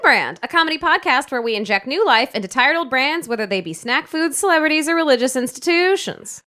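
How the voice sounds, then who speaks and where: A woman co-hosting a comedy podcast, playful with deadpan asides. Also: high-pitched, fast. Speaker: podcast co-host. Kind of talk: casual comedy podcast chat.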